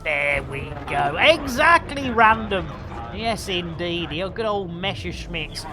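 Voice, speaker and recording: A man's voice: high voice, expressive, takes it slowly, music in the background. A man commentating his live game stream with jokey, punning banter for his viewers.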